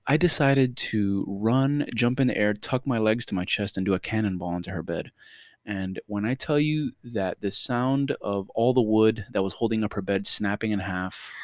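A man co-hosting a casual podcast, telling a story with lots of energy, swearing freely and acting out quotes in a high voice. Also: no echo, studio quality. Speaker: podcast co-host. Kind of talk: casual chat.

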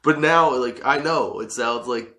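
A man's voice: mid-range voice, a little slow, bright, forceful tone. A man in his thirties telling a workplace story as a casual monologue, swearing freely and laughing often.

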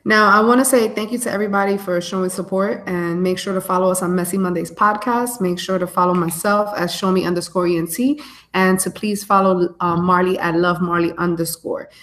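A woman co-hosts a casual podcast live stream, her voice sitting a little low. She talks in loose, slangy chat and keeps giving shout-outs, speaking into a phone. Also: steady tone, brisk. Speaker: podcast co-host.

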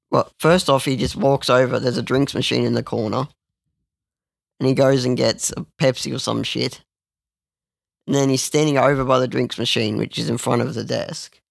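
Young aussie guy rambling through a story, gravelly voice, dry close sound. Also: mid-range voice, no room sound. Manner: rambling, crude, with lots of restarts. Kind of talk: casual storytelling chat.

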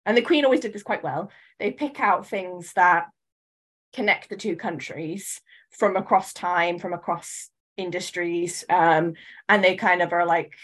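A woman from the UK co-hosting a podcast, talking in a thoughtful, measured way with frequent hedges and restarts. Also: fairly low pitch, fairly bright tone. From United Kingdom. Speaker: podcast co-host. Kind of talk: casual chat.

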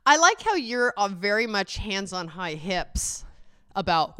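A woman's voice: medium pitch, very animated, measured pace, pushed and bright, clean tone, dry recording. A woman co-hosting a podcast, teasing her husband bluntly and swearing freely as they argue on a close mic. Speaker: podcast co-host. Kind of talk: casual couple chat.

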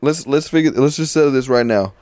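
A man's voice: mid-range voice, brisk, dry recording. A man co-hosting a podcast, talking in loose, profane, joking banter. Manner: loud, joking, profane, animated. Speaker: podcast co-host.

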